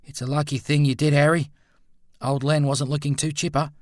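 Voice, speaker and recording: A man's voice: a little high, little pitch movement, brisk, a little mellow, dry recording, studio quality, pitched above the performer's own voice, lightly acted. A man voicing Clyde, a wry, matter-of-fact companion, in an audiobook.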